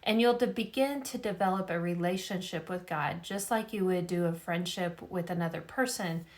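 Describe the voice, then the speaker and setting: A woman's voice: lowish voice, normal speed. A middle-aged woman speaking to camera in a casual vlog about faith. She talks earnestly and rambles with many fillers, and she is tired after a migraine. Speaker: vlogger.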